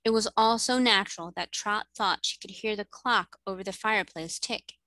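A woman tutor reading a novel aloud in steady, clear storybook narration. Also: mid-range voice, normal speed, no room sound.

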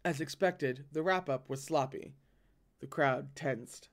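A man's voice: mid-range voice, slow pace. A man reading a novel aloud and breaking off to react in a dramatic, swearing manner. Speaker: audiobook reader and reactor.

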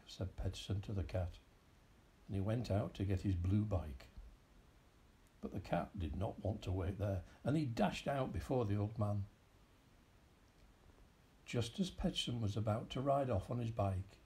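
Male storyteller, gravelly, dark tone, lively children's story read-aloud. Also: fairly low pitch, a little slow. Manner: expressive, animated storytelling.

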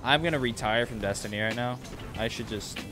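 A man streaming a video game, reacting excitedly to the action and chatting casually with his viewers. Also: mid-range voice, fairly quick, music in the background. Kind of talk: casual livestream commentary.

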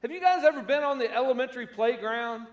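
High-voiced preacher in an echoey church. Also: male voice, expressive, quick pace, lo-fi sound. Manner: conversational preaching, acts out quoted voices. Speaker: pastor. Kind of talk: sermon. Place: church sanctuary.

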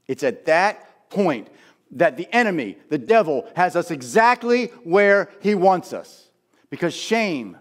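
A male pastor preaching, his fairly high voice rising and falling a great deal. He tells the story with emphatic, storytelling energy. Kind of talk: sermon.

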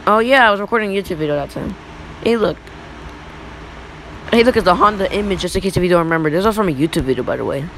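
Excitable high-voiced young guy rambling. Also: fast, pauses often, slight background noise, poor audio. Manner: rambling, excitable, repeats "look". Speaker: YouTuber. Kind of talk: casual reaction commentary.

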